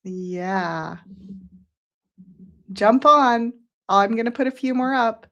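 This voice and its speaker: Slow, effusive woman livestream host. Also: fairly high pitch, muffled recording. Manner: warm, effusive, thanks viewers one by one. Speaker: psychic show host. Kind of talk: live stream chat, reading viewer comments.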